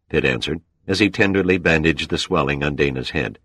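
A man reading an audiobook as narrator, steady and measured. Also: a bass voice, no room sound. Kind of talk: scripted narration.

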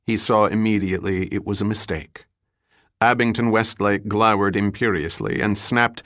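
A man narrating an audiobook in a measured, even reading style. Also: on the low side, no room sound, clean studio sound. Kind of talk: scripted narration.

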